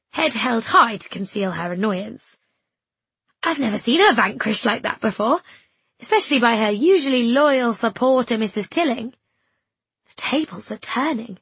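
A woman reading an audiobook narration in a measured, reflective way. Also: fairly high pitch, animated, a bit bright, husky, no room sound.

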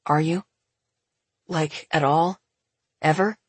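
A woman reading a wounded young fiancé who pleads with strained urgency. The voice is a touch husky, recorded close and dry. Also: deep voice, steady tone, slow pace, no echo, exaggerated voice. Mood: pained.

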